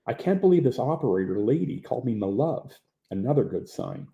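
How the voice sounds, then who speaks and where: A man from Ontario reading his memoir aloud in an animated storytelling manner. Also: mid-range voice, brisk, vocal fry. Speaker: narrator.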